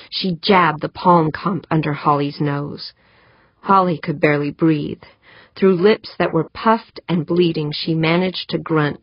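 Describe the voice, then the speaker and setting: Low husky woman reading slowly. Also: fairly even intonation, dry recording. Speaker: audiobook narrator. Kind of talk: scripted narration. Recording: dry, slightly dull lo-fi sound.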